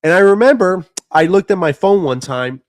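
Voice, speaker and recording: A man's voice: high-pitched, expressive, moderate pace, dry recording. Profane, fired-up man telling a story. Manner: frank, profane, emotional venting. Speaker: streamer. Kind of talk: casual personal storytelling.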